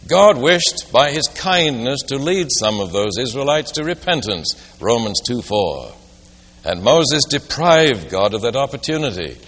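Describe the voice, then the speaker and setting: A man's voice: mid-range voice, a bit bright. A man preaching a sermon, telling a story and posing rhetorical questions. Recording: long reverb of a large hall.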